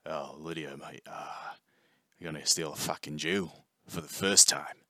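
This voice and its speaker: A man's voice: very deep voice, fairly even intonation, normal speed, sharp tone, dry recording, studio quality, heavily acted. A man putting on a mock Australian accent to play a brash, swearing young man. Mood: cocky. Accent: Australian (put on). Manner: blunt, swearing, matey.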